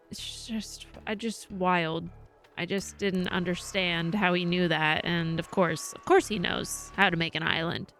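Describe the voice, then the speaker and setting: A woman's voice: on the low side, unhurried, a bit bright, faint music behind. A woman live-streaming, telling a rambling story in casual chat and swearing freely.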